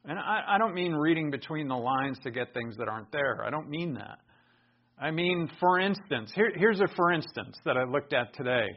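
A man preaching a conversational Bible teaching sermon, moving between relaxed explanation and emphatic raised bursts. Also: a little high, moderate pace. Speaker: pastor. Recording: dull lo-fi recording.

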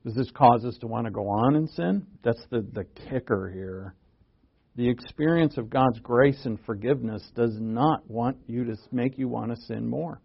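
A man preaching a sermon, earnest and halting, restarting phrases and pushing his voice up for emphasis. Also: medium pitch, vocal fry, breathy edge, highs cut off. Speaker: pastor.

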